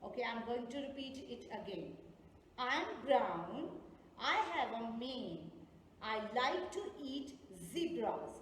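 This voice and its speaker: A woman teaching young children over a video call, speaking with a South Asian English accent, encouraging them and repeating her questions slowly. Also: fairly high pitch, animated, fairly bright tone. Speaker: online class teacher. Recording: echoey roomy video-call audio, faint noise.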